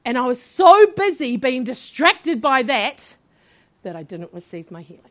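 High, lively woman pastor preaching. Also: a little slow. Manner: animated storytelling, laughing asides. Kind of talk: sermon testimony.

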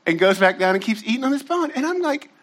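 A man's voice: very high-pitched, very animated, fast talker, fairly bright tone, slight background noise. A man preaching as a pastor, telling a casual story with slangy asides to his congregation before turning to his teaching. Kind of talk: sermon.

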